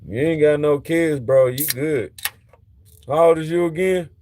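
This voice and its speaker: A man's voice: a little high, measured pace, a little mellow. A middle-aged man chatting loosely with viewers on a livestream while working on a truck. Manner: loose, chatty, talks straight to viewers in slang. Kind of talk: casual live chat while working on a truck.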